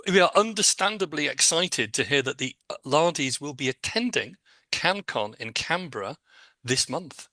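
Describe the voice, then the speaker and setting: A man's voice: medium pitch, bright, forceful tone, no echo. A man hosting a podcast, reading listener questions aloud and teasing his co-hosts dryly. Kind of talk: casual podcast chat.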